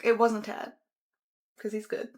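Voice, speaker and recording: A woman's voice: on the high side, completely flat delivery, a little slow. A woman vlogging casually from a room at home, chatting in a rambling way and correcting herself as she goes. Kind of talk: casual vlog chat.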